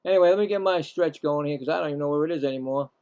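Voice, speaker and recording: A man's voice: on the high side, racing, dull audio, background noise. A man hosting casual live baseball play-by-play, rambling, self-mocking, and often stumbling and correcting himself. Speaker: play-by-play host.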